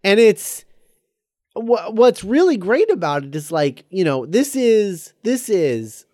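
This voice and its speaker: A man's voice: high voice, big pitch swings, darkish tone, no room sound, clean studio sound. A man co-hosting a casual film podcast, talking with enthusiasm and lots of fillers and restarts. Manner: halting, enthusiastic, many fillers. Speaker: podcast co-host.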